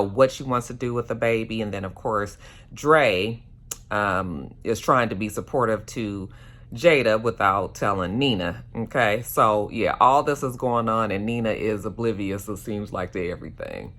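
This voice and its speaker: A woman's voice: rumbling low, a bit bright. A woman running through a TV episode in a loose, slangy chat. She talks straight into a phone held in her hand from a hotel room. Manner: chatty, slangy, acts out characters' lines. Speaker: TV episode reviewer. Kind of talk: casual recap and commentary. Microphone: handheld phone.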